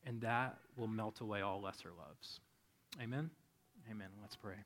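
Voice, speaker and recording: A man preaching a sermon as pastor, conversational and storytelling, softening into prayer. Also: fairly low pitch, normal speed, slight background noise. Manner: conversational, animated when storytelling, soft when praying. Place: church. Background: faint band music.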